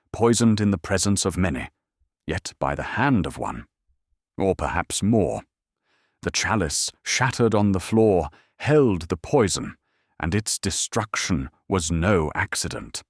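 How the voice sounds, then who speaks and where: Male narrator doing a precise Belgian sleuth, deep-set and calm, voice swinging expressively; measured and exacting. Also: dry recording, clean studio sound, full character voice. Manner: measured and exacting, formal address.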